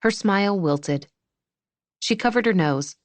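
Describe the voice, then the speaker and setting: A woman narrating an audiobook in an even, measured reading style. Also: medium pitch, no room sound. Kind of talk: scripted narration.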